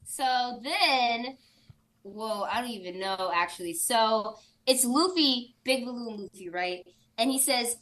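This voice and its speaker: A woman on a podcast tells the story of a comic chapter in a chatty, giggly way, jumping into little character voices as she goes. Her voice is bright and sits fairly high. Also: lively intonation, measured pace, low-quality recording. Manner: chatty and giggly, acting out lines. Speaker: podcast guest. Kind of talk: casual chat recapping a comic chapter.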